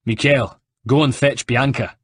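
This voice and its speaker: A male narrator voicing a brisk, commanding Venetian healer in his late thirties, with a Venetian Italian accent. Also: mid-range voice, steady tone, husky, no echo, pitched above the performer's own voice, close to an everyday voice.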